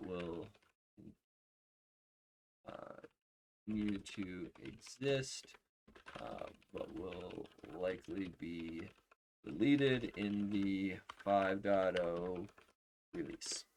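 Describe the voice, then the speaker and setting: A man live-streaming his coding, reading out names as he checks them and thinking aloud, often trailing off into quiet murmurs. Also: low voice, lively intonation, drawn-out words, long pauses, noisy background. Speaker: livestreaming software developer. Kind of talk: casual live-coding commentary.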